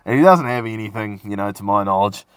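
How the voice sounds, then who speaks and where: A man's voice: fairly low pitch, fast talker, a bit bright, smooth, dry recording. A man hosting a casual solo podcast, rambling and swearing as he tells stories. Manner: rambling, sweary, laid-back storytelling. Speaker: podcast host.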